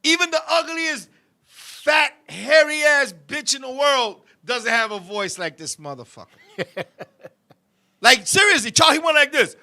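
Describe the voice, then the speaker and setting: A middle-aged man hosts a live-stream talk show, telling a story in a heated, profane rush. His voice sits unusually high for a man, with a sharp, bright edge. He keeps turning to his co-host and his viewers as he talks. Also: expressive, measured pace.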